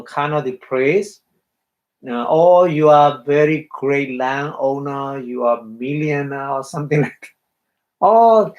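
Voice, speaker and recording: Slow-talking Burmese-accented monk teaching. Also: male voice, fairly high pitch, rough recording. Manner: halting, many fillers, acts out quotes with laughter. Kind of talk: dharma talk.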